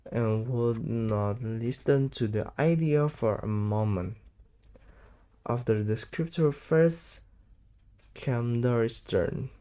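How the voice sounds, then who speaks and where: A young man, reading a novel aloud for school in a halting way, stumbling over and misreading words. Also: mid-range voice, warm tone. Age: late teens. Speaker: student reading an audiobook. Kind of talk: read-aloud narration of a novel.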